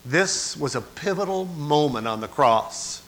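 A man preaching a sermon, moving from quiet, low passages to loud, dramatic cries. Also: expressive, unhurried. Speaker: pastor.

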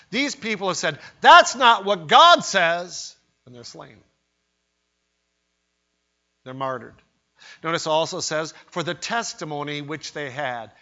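A man preaching a sermon in an emphatic way, rising to loud cries when he voices quoted pleas. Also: a little high. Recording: dull lo-fi sermon recording.

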